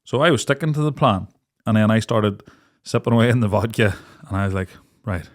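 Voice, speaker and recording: A man's voice: lowish voice, brisk. A young man, co-hosting a podcast, telling a story in casual chat and acting out the voices of the people in it. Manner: animated storyteller, acts out quoted voices, laughs often. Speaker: podcast co-host.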